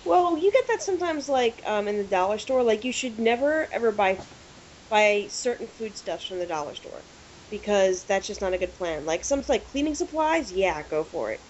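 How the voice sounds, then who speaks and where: A woman's voice: medium pitch, normal speed. Woman on a podcast, chatty, acts out quotes, dull lo-fi sound w/ faint hiss. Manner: animated storyteller, acts out quotes. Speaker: podcast co-host. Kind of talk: casual chat.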